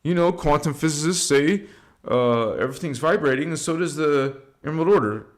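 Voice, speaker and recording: A man hosting a spiritual livestream, talking loosely and slangily, swearing now and then, and leading slow chanted affirmations. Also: medium pitch. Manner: loose and slangy, swears, drifts between chat and slow incantation.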